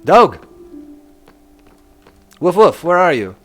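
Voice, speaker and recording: Young guy streaming minecraft-style chat, kinda high voice bouncing all over, faint game music under it. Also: takes it slowly. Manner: chatty and self-deprecating, laughs often, lively swings in pitch. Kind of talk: casual live-stream chat, reading chat aloud.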